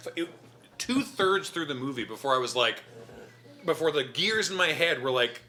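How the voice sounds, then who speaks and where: A man hosting a relaxed stream chat in a bright, forward voice. He tells stories with lively energy, laughs easily and sometimes talks while eating. Faint music plays underneath. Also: on the high side, normal speed. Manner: animated, chatty storyteller who laughs easily. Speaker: host. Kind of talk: casual chat on a charity stream.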